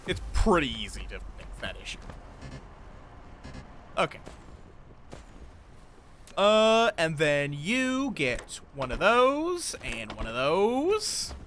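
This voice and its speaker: A man's voice: high-pitched, wildly swooping pitch, slow, long pauses, a bit bright, faint music behind. A man casually commenting on his live game stream, chatty and thinking aloud, greeting viewers as he builds.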